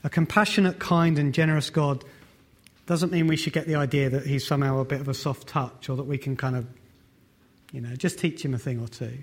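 A man's voice: medium pitch, steady tone, fairly quick. A man preaching a sermon, conversational in tone and asking the congregation rhetorical questions.

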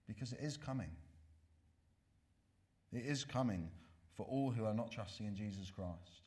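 A man preaching a sermon, moving from bright questions to slow, hushed warnings. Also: on the low side. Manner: dramatic swings from loud to hushed, slow emphatic warnings.

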